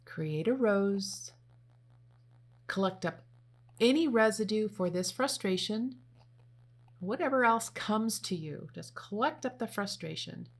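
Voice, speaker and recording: A woman leading a guided meditation, giving slow, gentle spoken instructions. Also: mid-range voice, lively intonation. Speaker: meditation leader.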